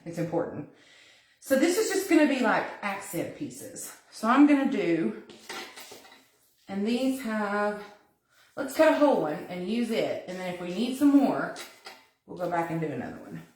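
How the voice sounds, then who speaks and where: A woman's voice: medium pitch, very animated, moderate pace, slight background noise. A woman hosting a live crafting demo from her kitchen, chatting and giggling with viewers while she works. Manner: chatty, giggly, thinking aloud while working. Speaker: craft tutorial host. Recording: echoey kitchen, mic at a distance.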